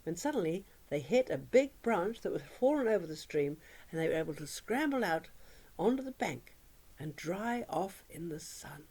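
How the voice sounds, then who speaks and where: Expressive woman telling a children's story. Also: on the low side, moderate pace, slightly rough. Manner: expressive, sing-song, with dramatic hushes. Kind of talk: oral storytelling for young children.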